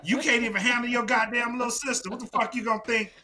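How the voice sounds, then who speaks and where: A man's voice: very high-pitched, steady tone, fast, crowd noise. A man co-hosting a comedy podcast, ranting and mock-scolding with plenty of swearing in casual chat. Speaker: podcast co-host.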